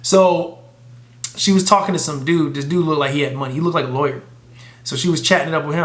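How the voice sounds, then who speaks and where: A man casually telling a profane, animated story to his camera. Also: on the high side, quick pace, echoey room. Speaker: vlogger.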